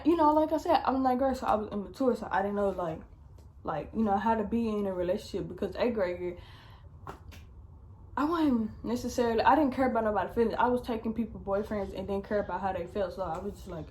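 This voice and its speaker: A woman's voice: medium pitch, a little mellow, a little hiss or hum. A young woman vlogger telling a storytime, chatty and slangy, swearing often. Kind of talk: casual storytime.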